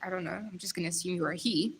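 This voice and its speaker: A woman's voice: lowish voice, very fast, a little hiss or hum. A young woman chatting casually on a live stream, reading viewer comments aloud and laughing often.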